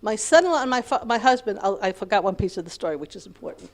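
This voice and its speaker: A woman's voice: medium pitch, lively intonation, quick pace. A middle-aged American woman teaching a Torah class, telling a long family story with lots of repetition and Hebrew terms. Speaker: lecturer.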